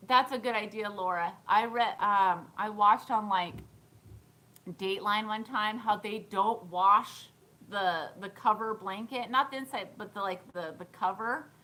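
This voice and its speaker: A woman's voice: mid-range voice, a little slow, bright, forceful tone, poor audio. A woman in her thirties chatting casually on a live stream, giggling often and answering viewer comments. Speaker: thrift vlogger.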